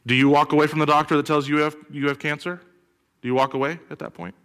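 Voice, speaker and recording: A man preaching a sermon as pastor, animated and full of rhetorical questions, with sudden loud bursts. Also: fairly high pitch, quick pace, smooth. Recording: long hall reverb.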